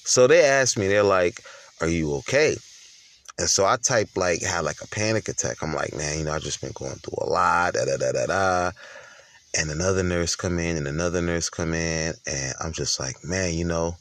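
A man with a very low voice recounts his own story candidly in a loose, conversational monologue, often restarting his sentences. The sound is dry and close. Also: normal speed, a bit bright, dry recording. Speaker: husband and father.

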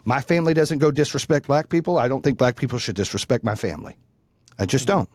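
A man's voice: medium pitch, fast, a little mellow, no room sound, clean studio sound. A man telling a heated personal story in casual chat, blunt and profane.

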